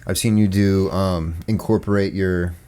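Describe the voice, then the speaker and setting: Podcast host, upper midwest accent, very low voice, loose rambling delivery. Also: male voice, steady tone, normal speed, warm tone, clear, resonant tone. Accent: upper Midwestern American. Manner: rambling, lots of filler words. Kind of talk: casual podcast chat.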